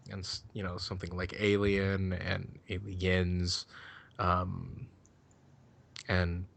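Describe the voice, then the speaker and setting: Deep-voiced man rambling about a movie. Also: completely flat delivery, takes it slowly, gravelly, fairly bright tone. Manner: rambling, loose, swears freely. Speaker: podcast co-host. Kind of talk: casual chat.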